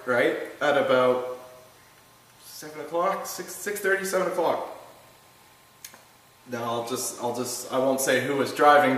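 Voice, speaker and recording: A man from Canada, a guest telling casual travel stories in an animated way, often tagging his lines with "right?". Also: medium pitch. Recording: echoey room, distant mic, faint noise.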